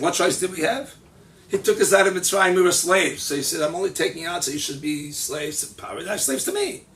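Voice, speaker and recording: A man, a rabbi, giving a holiday sermon as animated storytelling, acting out the voices he quotes and mixing Hebrew and Yiddish terms into his English. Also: sits high. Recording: distant mic with faint background noise.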